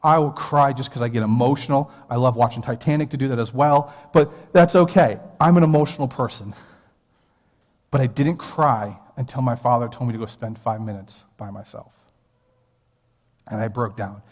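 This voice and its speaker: An American man in his thirties preaches from the pulpit and tells a personal story in an earnest, conversational way. His voice sits at an ordinary middle pitch. A long church-hall reverb trails after his words. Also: normal speed. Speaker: pastor. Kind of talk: sermon. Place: church sanctuary.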